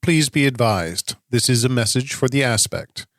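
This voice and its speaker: A man's voice: medium pitch, animated, normal speed, dry recording, studio quality, natural voice. A man voicing a composed male operative reading out a formal radio message.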